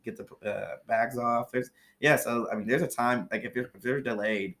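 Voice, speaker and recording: A man's voice: medium pitch, fairly even intonation, moderate pace, a bit bright. A man from Ohio, a former flight attendant, telling stories in casual chat with lots of fillers. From Ohio, USA. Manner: rambling storyteller, many fillers.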